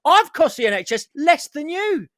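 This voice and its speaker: A man's voice: very high voice, sing-song, normal speed, fairly bright tone, dry recording, clean studio sound. A man, co-hosting a comedy podcast, ranting and swearing as he mimics other people. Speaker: podcast co-host. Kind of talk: casual comedy podcast rant.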